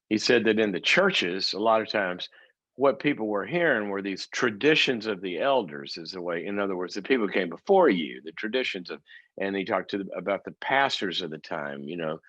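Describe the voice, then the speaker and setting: A man's voice: sits low, no echo, muffled recording. A man, a psychologist and show host, telling a story to a studio audience and acting out the people in it. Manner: animated storyteller, acting out quoted voices.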